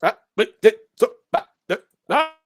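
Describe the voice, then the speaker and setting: Animated, playful male co-host. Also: sits high, unhurried. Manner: animated, playful, prone to silly voices. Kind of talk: casual livestream chat.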